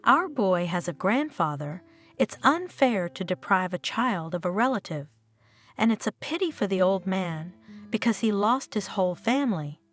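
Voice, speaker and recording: A woman's voice: medium pitch, sing-song, moderate pace. A woman voicing an earnest, pleading husband in a narrated story, over faint background music. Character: gentle pleading husband and father.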